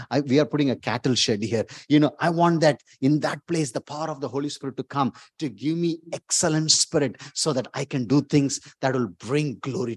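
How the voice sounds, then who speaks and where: A man preaching a sermon as pastor, emphatic, repeating words and rising to loud exclamations. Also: mid-range voice, breathy edge, dry recording.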